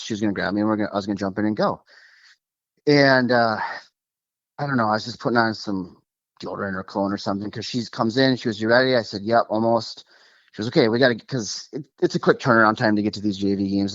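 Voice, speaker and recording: Guy telling a creepy story fast, lots of "like" and "um", lowish voice, dry dull audio. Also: no echo. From Minnesota. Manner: animated, fast, lots of fillers like "like" and "um". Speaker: guest telling an encounter. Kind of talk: casual storytelling over a call.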